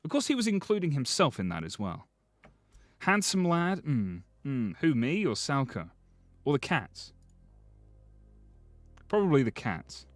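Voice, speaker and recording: A man with a mid-range voice talks at a measured pace, pausing often, with no room sound. He's on a live stream looking through game screenshots, chatty and lively as he jokes with his chat.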